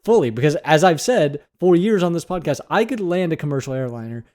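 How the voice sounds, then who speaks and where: A man's voice: fairly high pitch, animated, brisk, darkish tone. A man co-hosting a podcast in casual chat, defensive and prone to stammering restarts. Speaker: podcast co-host.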